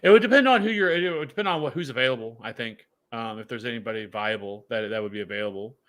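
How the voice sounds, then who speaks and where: A man's voice: medium pitch, quick pace, a bit bright. A man co-hosting a fantasy football show in casual chat, rambling with frequent restarts and fillers.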